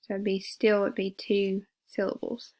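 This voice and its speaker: A woman's voice: mid-range voice, monotone, normal speed, noisy background. A woman teacher giving a phonics lesson, patiently repeating words and sounding them out syllable by syllable.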